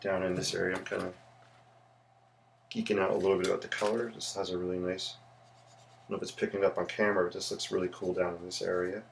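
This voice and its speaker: A man's voice: low-pitched, little pitch movement, fast, vocal fry, long pauses, slight background noise. A man, an architect who teaches, chatting casually with viewers on a livestream while he sketches. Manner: chatty, greets viewers, rambling asides.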